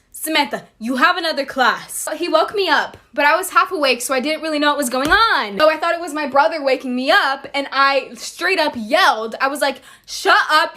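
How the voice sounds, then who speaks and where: Teen girl, very high bright voice, rambling, giggly, lots of likes. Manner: rambling, giggly, filler-heavy. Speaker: student. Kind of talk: casual storytime.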